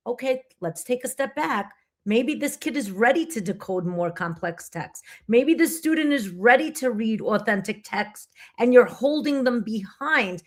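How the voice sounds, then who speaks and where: A woman's voice: a little high, lively intonation, a little slow. A woman co-hosting a podcast who works as a teacher, speaking directly and pressing for practical points. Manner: direct, pushes for practical examples. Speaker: podcast co-host and reading teacher. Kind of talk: conversational podcast discussion.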